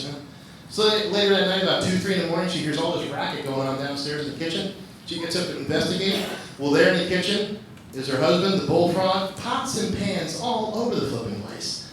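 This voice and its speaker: In an echoey comedy club, recorded far from the mic amid audience noise, a man with a high-sitting, fairly bright voice speaks fairly quickly. He's the open mic host, riffing through loose, profane stand-up and ribbing the crowd.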